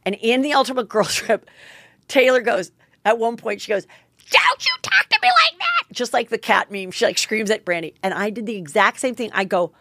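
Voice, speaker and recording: A middle-aged woman host tells a story in a loose, candid monologue, mocking herself and swearing freely. Her voice sits at an ordinary pitch for a woman. The sound is dry and close, with no room echo. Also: a little fast, a bit bright. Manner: chatty, candid, profane, self-mocking. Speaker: podcast host.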